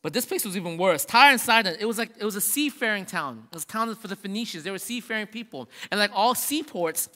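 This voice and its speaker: Male preacher, high bright voice, casual emphatic sermon, long hall reverb. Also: lively intonation, fast talker, hardly any pauses. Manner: casual, emphatic preaching with many restarts and rising repetitions.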